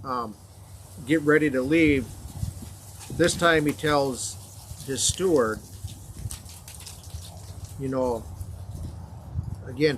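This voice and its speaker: A man teaching a confirmation class, retelling a Bible story in a conversational, halting way with frequent fillers. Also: mid-range voice, a little hiss or hum.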